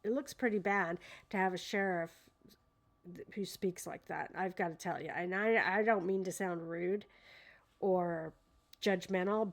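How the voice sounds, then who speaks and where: A woman's voice: fairly low pitch, measured pace. A woman at home casually reading a court deposition aloud and commenting on it, hesitant and full of fillers, sounding incredulous. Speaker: true crime commentator. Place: at home with her dogs.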